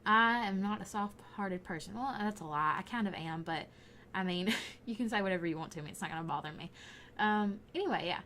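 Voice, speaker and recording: A woman's voice: mid-range voice, fairly quick, bright, forceful tone, a little hiss or hum. A young woman with a Southern Alabama accent, rambling casually with frequent laughs as she voices over her gaming video. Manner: rambling, chatty, often laughing. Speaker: gaming YouTuber.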